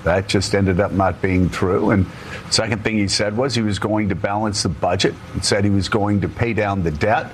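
A man's voice: on the low side, steady tone, moderate pace, a little hiss or hum. A man hosting a political talk show, speaking emphatically and rambling with frequent restarts. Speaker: host.

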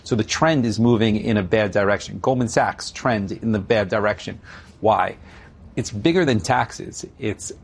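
A man's voice: lowish voice, breathy edge. A man interviewed on business and city economics, talking emphatically and repeating words for stress. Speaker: business leader interview guest. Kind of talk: conversational interview.

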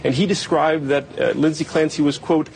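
A male correspondent reporting in a loose, conversational way. He pauses now and then. A faint noise sits behind him. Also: a little high, fairly even intonation, creaky, darkish tone, low-quality recording. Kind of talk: news report.

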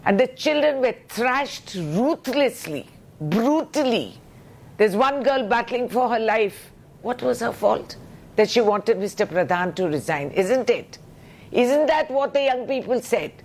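A woman's voice: a little high, animated, measured pace, darkish tone. A woman member of parliament, speaking with indignation and rhetorical questions in a heated news interview.

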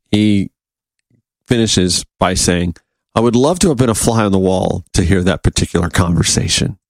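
A man's voice: moderate pace, no room sound. A man hosting a political talk show, reading a column aloud and breaking in with sarcastic asides. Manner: sarcastic, animated asides with sudden pitch jumps. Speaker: radio talk show host.

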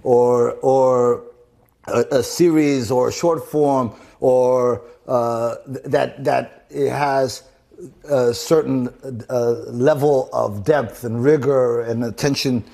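A man from Zimbabwe answering interview questions in a relaxed, halting way, often repeating words and restarting. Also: mid-range voice, gravelly. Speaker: interview guest. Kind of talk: casual interview talk.

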